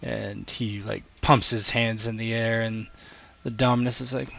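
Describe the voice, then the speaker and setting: A man running a tabletop game, his bright, gravelly voice relaxed and chatty. He narrates combat casually, with a few hesitations while he sorts out the rules. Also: on the low side, a little slow, no room sound. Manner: casual, voices characters with sudden loud shifts. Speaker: game master.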